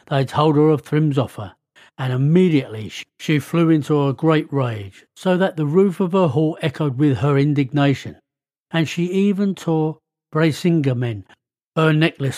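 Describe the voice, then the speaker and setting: A man narrating a myth as a storybook reading, steady and clear. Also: fairly high pitch, no echo, studio quality.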